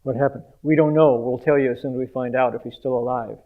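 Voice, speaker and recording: A man's voice: medium pitch, steady tone, fast talker. Man telling a story over tinny audio. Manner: vivid storyteller with sound effects. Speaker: interviewer retelling a guest's story. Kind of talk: animated storytelling.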